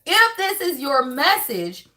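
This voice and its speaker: A woman reads tarot in a loose, casual way, her high voice swooping up and down with lots of life. She is blunt and swears freely, calling out to her viewers again and again and punching her points with quick rhetorical questions. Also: big pitch swings, pushed and bright. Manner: blunt and profane, constantly addressing viewers directly; emphatic, with frequent rhetorical tag questions. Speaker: tarot reader. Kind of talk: casual spiritual reading.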